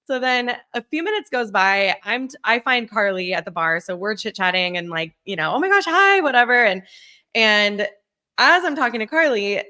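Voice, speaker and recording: A woman in her thirties telling a story on a podcast, animated, acting out quotes and laughing often. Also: on the high side, moderate pace. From Southern California. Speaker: podcast co-host. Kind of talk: casual storytelling chat.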